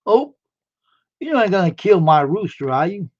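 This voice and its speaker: A man hosts a casual live stream and chats with his viewers in a folksy, rambling way. His voice sits a little high for a man. The audio is dull and lo-fi. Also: very animated, moderate pace. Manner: folksy, chatty, answers chat comments.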